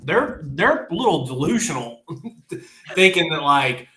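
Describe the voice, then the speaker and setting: Casting a blunt, frustrated male podcast co-host who chuckles through his rants, slightly high voice, roomy sound. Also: very animated, unhurried, bright, forceful tone. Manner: blunt, frustrated, laughs often. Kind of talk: casual sports chat.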